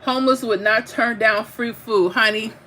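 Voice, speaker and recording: Speaking a little slowly in a slightly high, steady and sharp voice, a middle-aged woman hosts a casual home livestream while she eats. She reads out viewer comments, laughs, and addresses people as "honey", over slight background noise.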